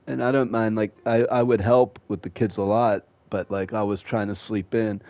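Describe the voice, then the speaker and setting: A man's voice: fairly low pitch, flat delivery, normal speed, dry recording. A man streaming a game, telling rambling, profane stories in a casual way. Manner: rambling, profane, laughs at his own stories. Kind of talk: casual storytelling while gaming. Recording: dull dry home mic.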